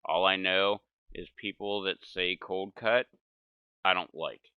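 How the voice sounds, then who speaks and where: A man's voice: low voice, fairly even intonation, slow, clear, resonant tone, no echo, narrow, tinny audio. A man ranting casually and profanely while gaming, exasperated and swearing constantly. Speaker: gaming streamer.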